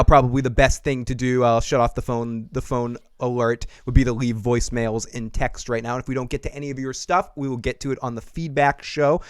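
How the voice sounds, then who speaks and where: Male podcast host, smooth clear voice, dry close mic, animated, swears a lot, laughs often. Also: mid-range voice, no room sound. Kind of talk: casual TV recap chat.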